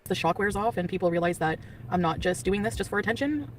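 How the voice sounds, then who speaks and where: A woman's voice: medium pitch, lively intonation, fast talker. Giggly woman rambling on a livestream, sounds a bit far off, faint background hiss. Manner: rambling, giggly, jumps between topics. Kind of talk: chatty livestream talk reading chat. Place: on the go, partly in a store.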